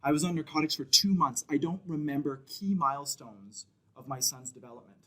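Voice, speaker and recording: Brief: man in his 30s, bright, somewhat high voice, lively spoken storytelling for a live story slam. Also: fairly quick, poor audio. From Canada. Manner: vivid storytelling, shouts out quoted children.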